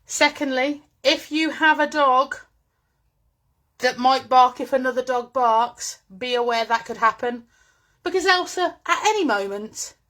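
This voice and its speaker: A woman's voice: high voice, a bit bright. A woman hosting a chatty live-stream craft demo from home, bubbly and greeting viewers by name, talking into a phone. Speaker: craft presenter. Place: at home with her dogs.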